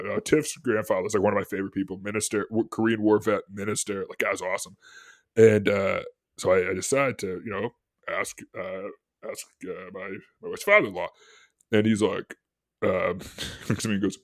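A man's voice: on the low side, fairly quick, dry recording, studio quality. A man telling a funny story on a casual podcast, laughing often as he talks. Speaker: podcast co-host.

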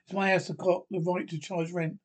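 An actor playing a stern, blustering middle-aged father and uncle, loud and indignant as head of the household in a sitcom. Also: high voice, level tone, brisk. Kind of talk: sitcom acting.

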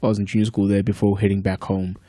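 A man in his thirties from South Africa chats casually on a podcast. He tells his stories in a loose, unhurried way, swears freely and laughs easily, recorded close and dry with no room sound. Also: on the low side, no room sound. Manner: relaxed storyteller, profane, laughs often. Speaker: podcast guest. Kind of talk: casual chat.

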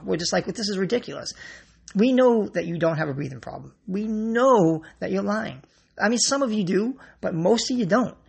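A grocery worker rants straight to the camera, blunt and fed up, dropping curse words freely. The voice has a gravelly, creaky edge and a husky, slightly raspy grain. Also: mid-range voice. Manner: blunt, exasperated, swears freely. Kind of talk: ranting monologue to camera.

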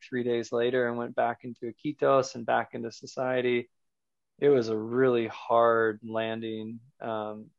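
A man's voice: mid-range voice, dry recording. A man as a podcast guest, earnestly recounting a personal experience in a searching way, loose with fillers. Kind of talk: personal storytelling in an interview. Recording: dull lo-fi sound.

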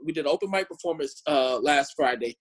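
A man tells stories in casual conversation with a raised, husky voice. He is animated and often repeats words as he goes. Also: fairly high pitch, fairly quick. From born in Chicago, raised in Omaha. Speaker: Christian musician and street preacher. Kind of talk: casual podcast chat.

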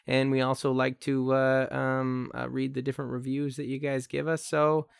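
A man's voice: mid-range voice, completely flat delivery, vocal fry, clean tone, no room sound, clean studio sound. A man hosting a podcast, chatting casually, joking and laughing easily. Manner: joking, quick to laugh, acts out people in stories. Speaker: podcast host. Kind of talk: casual chat.

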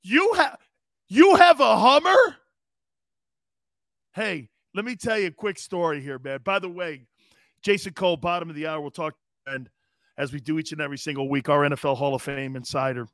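A man hosting a sports talk radio show, telling rambling, animated stories with sudden loud bursts. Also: on the high side, fast, no echo, studio quality.

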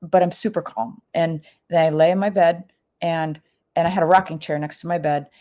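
A middle-aged woman with a lowish voice recounts a personal story in loose, casual talk. She leans on fillers and jumps up in pitch whenever she acts out what someone said. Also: steady tone, fairly quick, dark tone. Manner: chatty, full of "like" fillers, acts out quoted lines with big pitch jumps.

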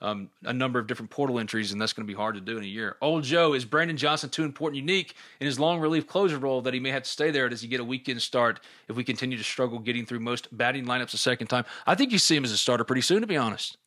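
A man's voice: medium pitch, rapid-fire, hardly any pauses, a bit bright. A middle-aged man hosting a podcast, chatting casually and reading listener questions aloud.

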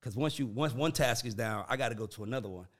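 A man in casual conversation, animated and profane, breaking into laughs as he talks. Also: mid-range voice, fast.

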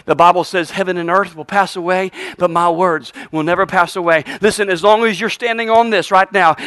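A man pastor preaching a fiery sermon in a church, his voice high and bright. He leads the crowd in call-and-response and drops joking asides, with a dry sound close to the mic. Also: clear, resonant tone, no room sound.

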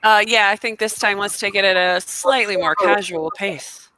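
A woman's voice: medium pitch, normal speed, sharp tone, no room sound, rough recording. A woman playing a tabletop game, joking in a dry way. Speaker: player. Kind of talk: casual play at a tabletop game.

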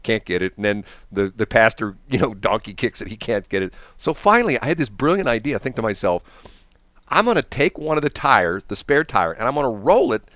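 A man's voice: on the low side, fairly quick, no room sound. A man hosting a morning radio show, telling a rambling story with frequent laughs, from the Midwestern United States. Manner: rambling, animated, laughs often. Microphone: studio microphone.

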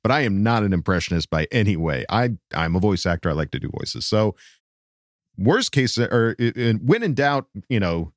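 A man's voice: lowish voice, normal speed, dry recording, studio quality. A man co-hosting a podcast, joking and laughing often in casual chat. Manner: jokey, laughs often, lively delivery. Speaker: podcast co-host and voice actor.

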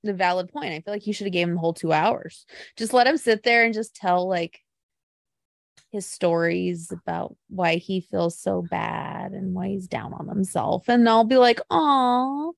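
A woman co-hosting a casual podcast chat, telling stories in an animated, gushing way. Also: lowish voice, moderate pace, creaky, dry recording, clean studio sound.

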